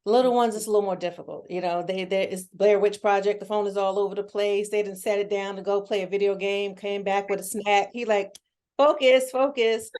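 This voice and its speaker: A woman therapist speaks in a candid, down-to-earth way as an interview guest. Her voice sits at a middle pitch. She talks earnestly and often restarts her sentences. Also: little pitch movement, brisk, few pauses, a little mellow. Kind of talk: casual conversational interview.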